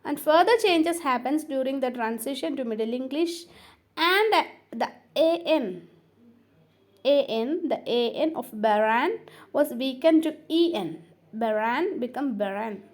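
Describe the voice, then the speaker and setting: A woman with a high, light voice delivers a recorded lecture as a teacher. She talks hesitantly, filling pauses and going back over each point. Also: expressive. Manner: hesitant, with frequent fillers, repeats points.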